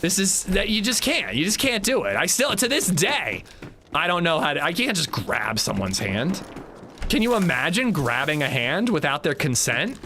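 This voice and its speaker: A man's voice: on the high side, normal speed, a little hiss or hum. A young man live-streaming a game, casually telling a story to his chat and laughing along. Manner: animated storytelling, laughing, reading chat aloud. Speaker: livestreamer.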